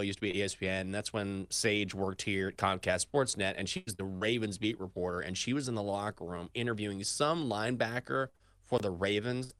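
A man co-hosting a sports talk show, chatting casually and telling animated stories. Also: no echo. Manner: animated storyteller, shifts pitch and pace often. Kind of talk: casual sports radio chat.

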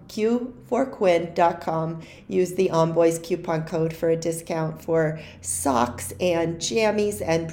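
Lower-voiced woman podcast co-host. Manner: warm, encouraging address to listeners. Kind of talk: podcast interview and outro.

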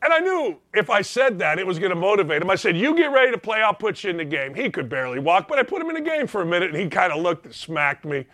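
Fired-up, high-voiced male sports host. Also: sing-song, fast talker, hardly any pauses, dry recording. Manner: loud, mocking, does whiny voices of players. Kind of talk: opinionated sports rant.

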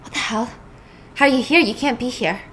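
A woman's voice: a little high, a little fast, fairly bright tone, a little hiss or hum, natural voice. A woman voicing a tense, shaken male federal marshal who asks urgent questions.

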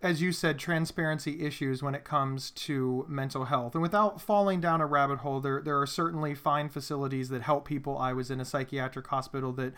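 A man hosting an interview, asking measured, empathetic questions. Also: medium pitch, fairly even intonation, fairly bright tone, smooth. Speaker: host.

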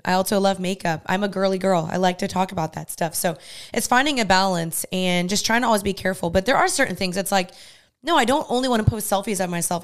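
Earnest young woman, smooth clear voice. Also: medium pitch. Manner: earnest, talks through her faith with quoted asides. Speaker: podcast co-host. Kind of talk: casual podcast chat.

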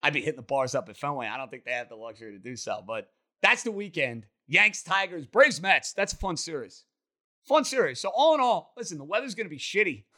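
An energetic man hosts a casual sports talk show. His voice is bright and forceful and sits a little high. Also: a little fast. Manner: energetic, animated. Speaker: podcast host.

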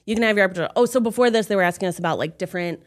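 A young adult woman in casual podcast chat, recounting events with lively acted-out quotes. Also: mid-range voice, very fast. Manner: animated storyteller, acts out quotes loudly. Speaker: podcast co-host telling her birth story.

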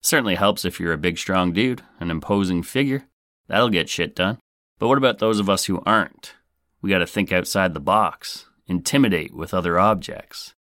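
A man's voice: sits low, normal speed, a bit bright, dry recording. A man hosting a comedic true-crime podcast, narrating in a wisecracking, sarcastic, playful way into a close microphone. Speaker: podcast host.

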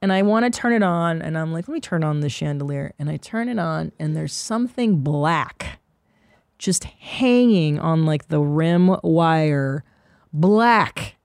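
A woman hosting a comedy podcast, telling rambling, profane anecdotes in a casual, animated way. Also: low-pitched, slow pace, dry recording.

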